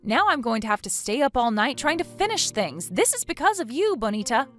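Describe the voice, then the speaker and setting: A woman with a fairly high, sing-song voice speaks fairly quickly as she voices a fed-up, work-from-home young wife in a text-story dramatization, retorting sharply in angry exasperation. Faint music plays behind her.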